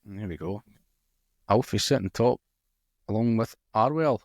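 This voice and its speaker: Male co-host, casual and chatty, slightly low voice, dry close recording. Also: unhurried, dry recording. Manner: relaxed, chuckles often, reads out match results. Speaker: co-host of a darts podcast. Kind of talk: casual chat.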